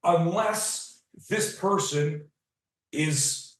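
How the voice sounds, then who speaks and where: A personal defense coach in his sixties talks very slowly in a slightly high voice during an interview. Blunt and emphatic, he swears without hesitation and teaches by acting out short role-plays.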